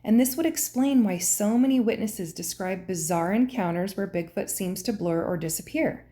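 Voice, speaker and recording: A woman narrates in an earnest, conspiratorial scripted tone. Her voice is mellow and warm, sitting at an ordinary pitch. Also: normal speed. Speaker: host and narrator.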